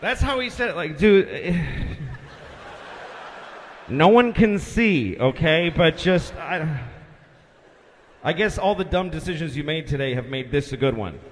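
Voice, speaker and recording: A man's voice: on the high side, unhurried, pauses often, voice pushed down, close to an everyday voice. A man putting on a fed-up male air traffic controller who talks bluntly, dismissively and with swearing. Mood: sarcastic.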